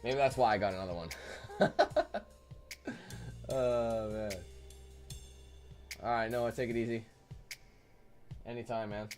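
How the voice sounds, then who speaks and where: A man's voice: medium pitch, steady tone, slow, long pauses, darkish tone, soft background music. A man streaming to his viewers in casual, candid chat. He sounds tired, rambles and swears freely. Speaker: YouTube streamer.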